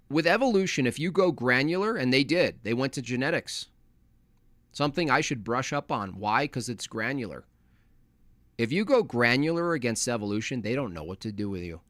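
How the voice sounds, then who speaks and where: A man's voice: medium pitch, fairly bright tone, dry recording. A man hosting a livestream, reading chat and ranting in a mocking, opinionated way. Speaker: livestream host.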